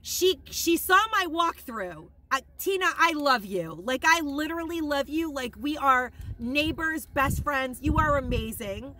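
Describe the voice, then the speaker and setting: A woman in a casual shopping haul vlog, gushing and rambling with excitement, emotional and near tears at times. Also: high voice, measured pace, hardly any pauses. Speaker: haul vlogger.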